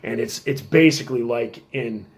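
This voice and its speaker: A middle-aged man telling stories in a casual podcast chat, working as a police officer, animated and acting out quotes. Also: medium pitch, moderate pace. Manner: animated storyteller, acts out quotes in a raised voice.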